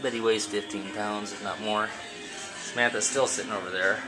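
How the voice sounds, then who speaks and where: A man's voice: fairly low pitch, steady tone, normal speed, over music. Man cooing at his cats. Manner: chatty, coos at the cats in a raised voice. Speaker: cat owner filming his pets. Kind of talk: casual home video narration. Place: indoors at home.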